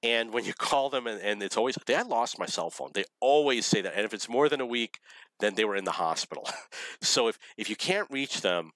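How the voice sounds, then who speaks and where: A man's voice: medium pitch, expressive, fairly quick, a bit bright, no echo, poor audio. A man casually telling dating stories in a rambling, self-correcting, wry way. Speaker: storyteller.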